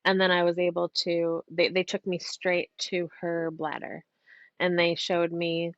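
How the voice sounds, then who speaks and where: Woman psychic rambling through a story, lowish voice, dull dry sound. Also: a little slow, dry recording. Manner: chatty, animated, swears casually. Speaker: psychic medium guest. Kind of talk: casual podcast storytelling. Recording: dull, dry lo-fi podcast audio.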